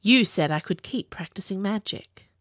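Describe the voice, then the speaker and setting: A woman plays a wild-haired young princess who is bossy and full of herself. She talks briskly, her voice rising and falling freely. The recording is close and dry. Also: mid-range voice, animated, no echo, close to an everyday voice. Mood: sharp. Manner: brisk, self-assured. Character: bold, bossy young princess, spirited and teasing.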